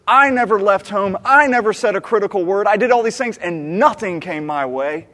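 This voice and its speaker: A preacher acting out an aggrieved older son whose high, loud voice rings with hurt pride, listing every chore he has done. A long reverb from a big hall trails each line. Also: normal speed. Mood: indignant. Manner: aggrieved, listing his labors in rising outrage. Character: resentful, indignant older son, a grown man.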